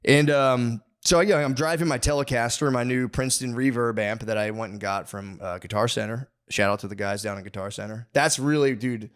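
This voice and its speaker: A man's voice: mid-range voice, fairly quick, few pauses. A man hosting a comedy podcast, telling a long profane story as a rambling, mock-aggressive rant full of restarts and asides. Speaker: podcast host. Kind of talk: comedic ranting monologue.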